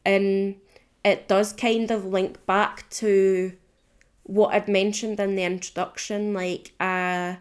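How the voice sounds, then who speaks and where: Woman, podcast host, slow unhurried delivery, candid, rambling, quick laughs, casual swearing. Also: mid-range voice, flat delivery, clean tone. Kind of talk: solo podcast monologue.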